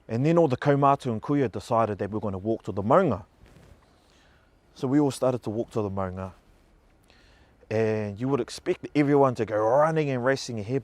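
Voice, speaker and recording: A man's voice: on the low side, a little mellow, dry recording. Earnest New man telling a story. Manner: earnest, heartfelt storytelling, rising to passionate. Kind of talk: emotional personal testimony.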